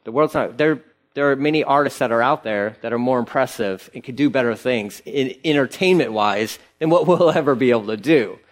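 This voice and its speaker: A man's voice: medium pitch, a little fast. A man preaching a sermon in a church, talking conversationally with playful asides. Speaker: pastor. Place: church sanctuary.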